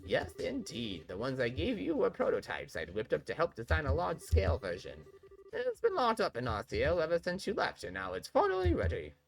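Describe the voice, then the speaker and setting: A man reading as an elderly inventor from a video game, raised and bouncy, full of excitement about his own machine. The voice lifts above the reader's usual tone and swings through a lively range. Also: fairly high pitch, a little fast, gravelly, soft background music, heavily acted. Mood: eager. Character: eccentric elderly male inventor.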